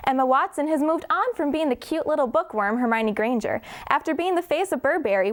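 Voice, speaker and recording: A woman presenting a scripted celebrity gossip segment in a chirpy, gossipy way. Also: high-pitched. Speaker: gossip correspondent. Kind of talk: scripted entertainment news report.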